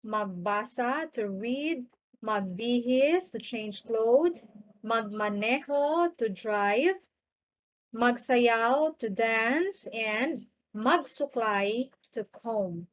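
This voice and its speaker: Woman teacher, slow patient drilling, repeats words twice, higher voice, dull lo-fi sound. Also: lively intonation. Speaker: language teacher. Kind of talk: grammar lesson with slow drilled repetition.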